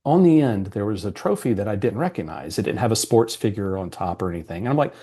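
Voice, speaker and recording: A man's voice: on the low side, quick pace, slightly rough. Earnest man telling an emotional story. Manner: animated, acts out quoted dialogue. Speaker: podcast guest, EQ coach. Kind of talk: storytelling in a conversational interview.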